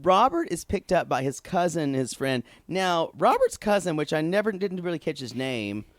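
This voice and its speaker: A man's voice: fairly high pitch, very animated, normal speed, no room sound. A man co-hosting a podcast, recapping in casual chat, sarcastic and mock-horrified, on a close mic. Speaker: podcast co-host.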